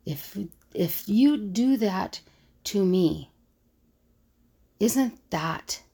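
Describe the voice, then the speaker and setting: A woman's voice: medium pitch, expressive, drawn-out words, warm tone, breathy edge. A woman who works as a conflict resolution coach, thinking aloud in a solo monologue and acting out the scoffing remarks people make. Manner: musing, acts out others' scoffing remarks.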